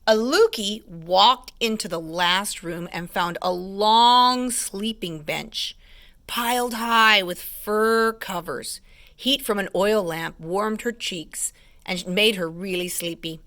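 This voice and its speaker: A woman teacher reading a storybook aloud to children in an expressive way. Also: medium pitch, slow. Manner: expressive, hushed asides about pictures.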